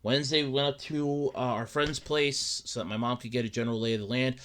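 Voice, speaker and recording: A man's voice: mid-range voice, steady tone, fast, a bit bright. Rambling, upset young man podcasting solo. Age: young adult. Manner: rambling, repeats words, acts out his own thoughts. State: upset and dejected. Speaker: podcast host. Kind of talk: casual solo podcast rant.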